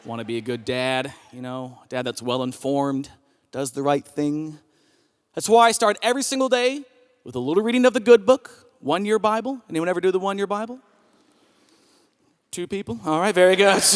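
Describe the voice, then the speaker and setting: A man in his thirties performing a stand-up comedy set on a club stage, telling family stories and jumping into voices for the people in them. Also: clean tone. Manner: animated storyteller, jumps into high voices for characters. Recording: long reverb of a hall.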